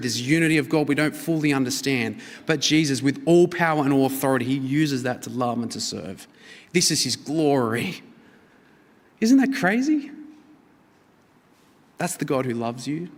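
Earnest preacher in an echoing hall. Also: male voice, mid-range voice. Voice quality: earnest, expressive, swings between emphatic and hushed. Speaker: pastor. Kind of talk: sermon. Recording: reverberant hall.

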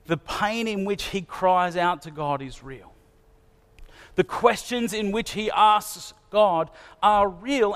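A man's voice: high voice, fairly bright tone. Man preaching a sermon in a reverberant hall. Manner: earnest, searching questions to listeners.

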